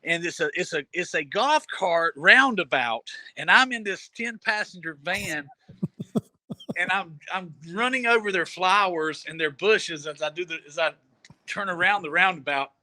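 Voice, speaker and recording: A man with a high, bright voice tells a long travel story in a loose, chatty way. He laughs easily and often repeats words as he goes. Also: unhurried. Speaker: storyteller guest. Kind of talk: casual storytelling. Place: Jamaica.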